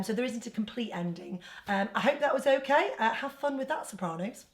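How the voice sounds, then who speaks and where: A woman with an English accent leading an online choir lesson, explaining each part in a chatty, teaching way. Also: mid-range voice. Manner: chatty teaching, breaks into singing phrases. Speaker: choir leader. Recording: roomy sound over backing music.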